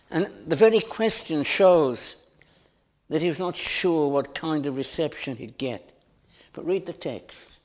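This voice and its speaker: A man preaching a sermon in an earnest, deliberate way, lifting his voice for emphasis. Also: on the high side, a little mellow.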